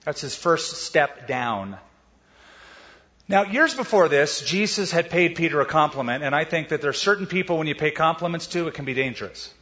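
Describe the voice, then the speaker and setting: Expressive and on the high side, a pastor's pushed, bright voice moves at a normal speed. His conversational expository sermon is sprinkled with asides and rhetorical questions, captured in a dull recording with long hall reverb.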